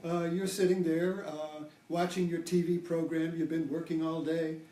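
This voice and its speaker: Speaking at normal speed with a fairly high, flat, mellow voice, an older spiritual teacher rambles through an informal talk. He keeps restarting his sentences and filling gaps, heard from a distant mic in a roomy setting.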